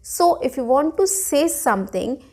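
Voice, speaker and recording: A woman teaching a spoken lesson to camera, smiling and expressive, with many "okay" and "you know" fillers. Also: high-pitched, normal speed. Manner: frequent "okay" and "you know" fillers, demonstrates intonation with example sentences; smiling and expressive while speaking. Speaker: English teacher.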